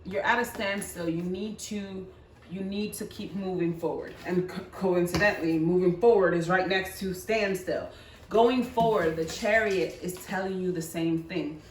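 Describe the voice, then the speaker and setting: A woman with a fairly low voice talks through a tarot reading in a chatty, coaxing way, stumbling over repeated words and tagging "right?" onto her points. She sits some way from the mic in an echoey room. Faint background noise runs under her voice. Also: steady tone, normal speed, distant mic. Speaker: tarot reader. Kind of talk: pick-a-card tarot reading.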